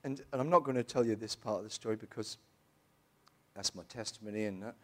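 A middle-aged man, telling his personal testimony in a church in an emotional, halting way with many restarts. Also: on the low side, a bit bright. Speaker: church member giving testimony.

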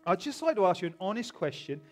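A man's voice: high voice, sing-song, fast talker. A middle-aged male pastor preaching a chatty, informal sermon in a church, often stopping to joke with the congregation. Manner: chatty, self-interrupting, jokes with the congregation. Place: church hall.

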